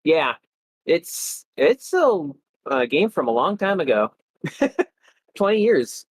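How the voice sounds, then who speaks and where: A man's voice: on the high side, slow, no room sound, rough recording. Easygoing guest guy explaining. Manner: relaxed, explains with fillers, jokes around. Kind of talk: casual conversation on a call. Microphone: desk mic on a call.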